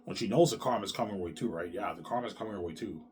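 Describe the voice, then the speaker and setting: A man's voice: fairly low pitch, racing, darkish tone, slight background noise. A man talking straight to his viewers in a long, rambling, profane monologue, repeating himself and restarting his sentences. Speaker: vlogger.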